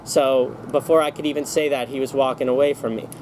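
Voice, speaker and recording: A man's voice: medium pitch, fairly even intonation, a little fast, darkish tone, a little hiss or hum, rough recording. A man vlogging in a casual storytelling monologue, rambling along with many restarts and self-corrections.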